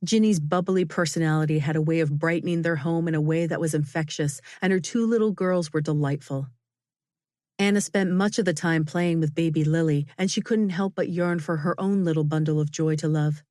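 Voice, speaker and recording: Woman narrator, lowish voice, measured storytelling, dry close recording. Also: warm tone, no echo. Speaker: audiobook narrator. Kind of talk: scripted narration. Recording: dry, close studio sound.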